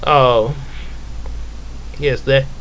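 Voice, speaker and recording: A man's voice: medium pitch, fairly even intonation, extremely slow, a bit bright, a little hiss or hum, poor audio. A man casually retelling his comic book, rambling into asides and correcting himself.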